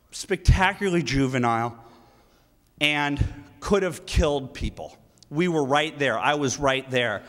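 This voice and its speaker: A man giving a live speech at a political rally, telling a story in an emphatic, animated way. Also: a little high. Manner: animated, emphatic, breaks into laughter, acts out quoted lines. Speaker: guest speaker at a political rally. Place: large event hall. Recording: reverberant hall with faint noise.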